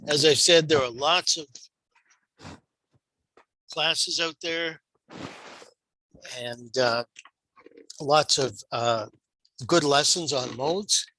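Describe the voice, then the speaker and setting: A man's voice: a little high, drawn-out words, pauses often, pushed and bright, slight background noise, low-quality recording. A man teaching guitar modes in a screen-shared lesson, patient and explanatory, asking the viewer rhetorical questions.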